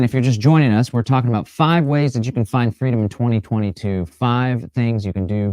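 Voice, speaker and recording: A man with a mellow, relaxed tone gives a motivational talk to his viewers. His delivery is lively, and he often slips into mocking voices of imagined people. The sound is dry and close. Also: fairly low pitch, no echo. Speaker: livestream host.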